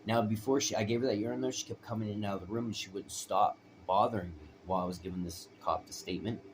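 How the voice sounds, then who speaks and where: A man with a deep, low voice tells his own story in a loose, rambling way. He presses his points hard and keeps checking in with "right?" A light background noise runs under the recording. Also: fairly even intonation, fast talker. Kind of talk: personal storytelling.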